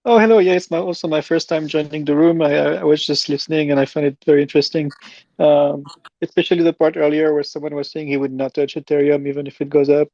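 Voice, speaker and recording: A man's voice: fairly high pitch, steady tone, fast talker, darkish tone, dry recording, dull audio. A man calling into a live talk, speaking casually with hesitant, rambling starts before he reaches his question. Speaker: caller. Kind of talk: casual chat.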